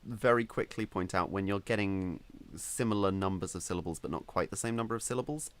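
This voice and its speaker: A man's voice: low-pitched, a little fast. A man co-hosting a casual podcast about writing, giving firm opinions and explaining with emphasis. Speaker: podcast co-host.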